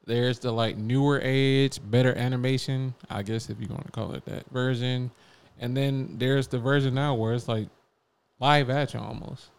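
A man co-hosting a casual podcast, with a slight Southern twang in his voice. He talks in an animated, playful way and laughs often. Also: medium pitch, moderate pace, gravelly, clear, resonant tone. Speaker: podcast co-host. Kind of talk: casual chat.

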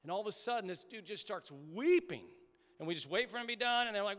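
A man's voice: high-pitched, animated, fast talker. Man preaching in a reverberant church. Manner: conversational, emphatic preaching with soft prayerful drops. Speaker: pastor. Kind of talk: sermon. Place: church sanctuary.

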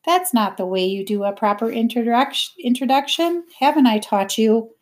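A woman's voice: mid-range voice, moderate pace, darkish tone, natural voice. A woman reading aloud, voicing a bossy old retired army colonel who barks his commands. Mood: gruff. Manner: barking, commanding.

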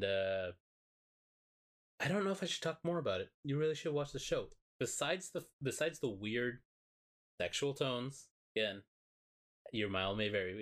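A man with a lowish voice co-hosts a podcast, chatting casually. He retells a show with excitement and plenty of swearing. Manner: excited, profane, animated retelling. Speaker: podcast co-host. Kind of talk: casual chat.

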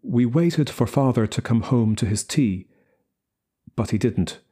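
A man reading a short story aloud as the narrator, in slow, measured scripted narration. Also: mid-range voice, animated, dark tone, slightly rough. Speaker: story reader.

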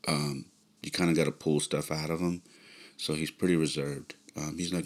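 A middle-aged man talks through a personal memory on his podcast, pausing and restarting his sentences as he goes. His voice sits very low, with a gravelly, creaky edge, and the delivery feels thoughtful and unpolished. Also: steady tone. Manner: halting, with fillers and restarts. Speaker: podcast host. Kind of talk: reflective personal storytelling.

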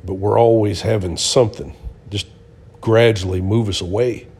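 A man's voice: lowish voice, steady tone, moderate pace, darkish tone, husky. A middle-aged man co-hosting a Christian talk show, speaking earnestly and telling stories like a preacher, with many fillers. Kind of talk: casual testimony and storytelling.

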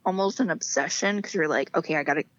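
A chatty young woman, a podcast guest, tells stories and acts out both sides of quoted exchanges, peppered with "like". Her voice sits a little low for a woman. The sound is slightly dull and dry, with no room around it. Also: fast, no echo. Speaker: interview guest. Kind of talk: casual chat.

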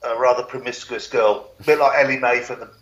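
A man's voice: medium pitch, fairly even intonation, fast talker, fairly bright tone. Casual chat, man with a british accent, laughing easily, muffled echoey sound. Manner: chatty, laughing, self-mocking. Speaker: singer-songwriter guest. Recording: roomy, dull lo-fi sound.

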